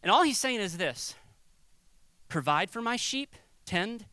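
A man preaching a sermon as a pastor, conversational and animated, acting out little quoted voices. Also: high-pitched, measured pace, dry recording.

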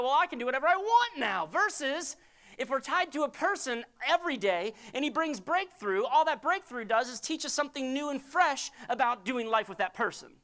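A man's voice: very high voice, sharp tone, smooth. A man preaching a sermon as a pastor, in a conversational, emphatic storytelling way.

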